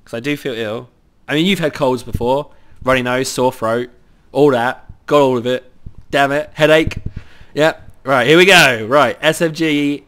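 A man with a cold giving excitable live commentary over his own gameplay, cheering on teammates and talking to himself. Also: medium pitch, a little slow, smooth. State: has a cold.

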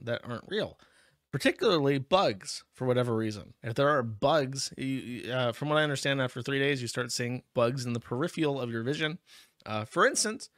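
A man hosts a stream, rambling wryly and casually over clips. His voice sits at an ordinary pitch. The sound is close and dry, from a streaming mic. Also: a bit bright, no echo. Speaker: show host.

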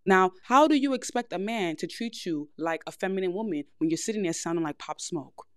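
A woman's voice: fairly low pitch, lively intonation, brisk, no echo, clean studio sound. A young woman with a New York accent, hosting a podcast and giving frank, blunt advice in a casual monologue. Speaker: podcast host.

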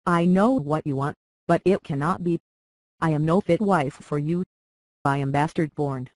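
A reader voicing a gentle young highborn lady. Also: moderate pace, no echo, close to an everyday voice, rough recording. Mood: soothing. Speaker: lady tending a young lord. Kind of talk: audiobook character reading.

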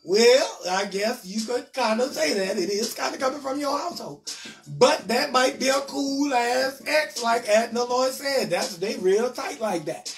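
A man's voice: very high voice, measured pace, far from the mic, a little hiss or hum. A male comedian hosting a live stream, reading out viewer comments and answering them in a loose, joking way. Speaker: comedian and show host.

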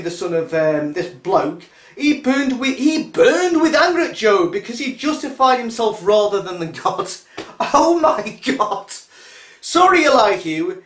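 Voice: medium pitch, fairly bright tone, roomy sound. A speaker giving a casual, sarcastic and irreverent commentary monologue as a vlogger.

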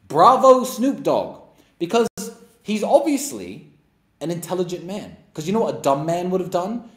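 A man delivering a blunt, mocking monologue to his live-stream audience, with heavy emphasis on his points. His pitch swings widely, rising sharply when he drives a point home. The sound carries the echo of a roomy space. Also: very animated, moderate pace. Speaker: livestream host.

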